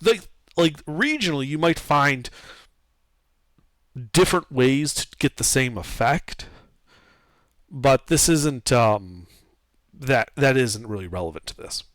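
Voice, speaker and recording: A man narrating a tabletop game as game master, describing scenes in a halting way with fillers. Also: medium pitch, expressive, fairly bright tone, dry recording. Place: streamed online session.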